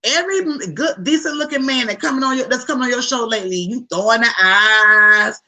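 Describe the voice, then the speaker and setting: Woman podcast host with a bright, forward voice, gossiping casually and talking straight to her listeners. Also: on the high side, brisk, poor audio. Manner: animated, chatty, slangy asides to listeners. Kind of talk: casual celebrity gossip chat.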